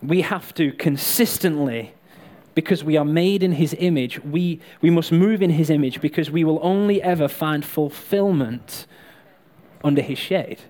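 A man giving a sermon in a loose, joking manner, with a voice that sits a little high for a man. He talks straight to the crowd and keeps things light and friendly. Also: moderate pace, mellow. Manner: chatty, joking, addresses the crowd directly. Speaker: preacher. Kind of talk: sermon with live props and volunteers.

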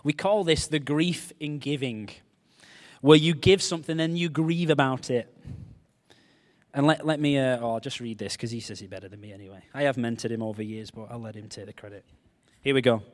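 A male pastor, preaching a sermon with animated, jokey storytelling. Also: mid-range voice, brisk, big-room sound.

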